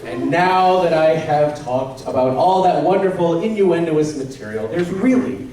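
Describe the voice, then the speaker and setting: A man from Canada doing stand-up, his fairly high voice swinging up and down as he jokes and laughs at himself. He is heard from far off in a big echoey convention hall with audience noise around him. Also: measured pace, crowd noise. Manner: animated and self-deprecating, often laughing. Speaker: stand-up comedian. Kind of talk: stand-up comedy set.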